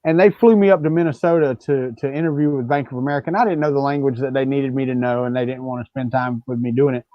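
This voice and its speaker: A man's voice: medium pitch, steady tone, fast, hardly any pauses, no room sound, lo-fi sound. A man co-hosting a livestream chat, joking and telling stories with lots of restarts. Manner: joking, storytelling with repeated restarts. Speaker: livestream co-host. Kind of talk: casual chat.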